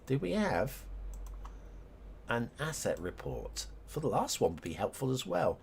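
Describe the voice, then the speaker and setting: A man's voice: medium pitch, sing-song, moderate pace, creaky, slightly rough. A middle-aged man chatting casually on a live stream, rambling and self-mocking as he laughs at his own jokes.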